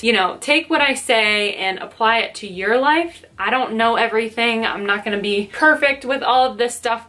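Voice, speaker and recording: A woman's voice: mid-range voice, pushed and bright. Upbeat chatty young woman vlogging. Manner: chatty and upbeat, many fillers. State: slightly out of breath. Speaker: lifestyle vlogger. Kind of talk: casual vlog talk to camera. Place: her bedroom at home.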